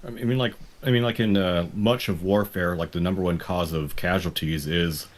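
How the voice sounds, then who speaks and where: Very deep-voiced hesitant man. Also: fairly even intonation, normal speed. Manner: earnest, hesitant, many restarts. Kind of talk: casual chat.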